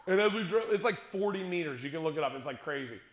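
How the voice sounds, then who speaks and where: A man's voice: on the high side, fast. A middle-aged man telling a funny story to a youth conference audience, acting out what people said and joking with the crowd. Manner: animated, acts out quotes, jokes with the crowd. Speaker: youth speaker. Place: large conference hall. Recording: echoey hall.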